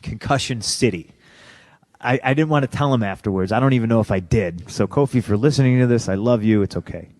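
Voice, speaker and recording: A man in his thirties telling blunt, profane stories as a podcast guest, turning loud and animated when he recalls his anger. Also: medium pitch, fast talker, no echo. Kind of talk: candid storytelling in an interview.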